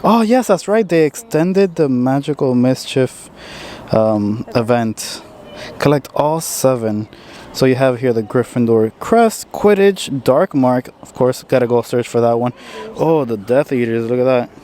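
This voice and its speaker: A man filming a casual vlog as he tours a film studio, chatty and excited. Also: mid-range voice, measured pace, slight background noise. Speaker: vlogger. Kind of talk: casual vlog tour commentary. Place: studio tour, in and out of doors.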